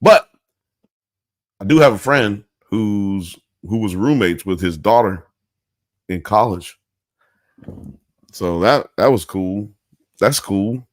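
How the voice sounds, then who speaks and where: A man's voice: on the low side, lively intonation, slow, long pauses, no room sound, studio quality. A man hosting a live show, chatting in a loose, rambling, slangy way. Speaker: podcast host. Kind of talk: casual live-show chat.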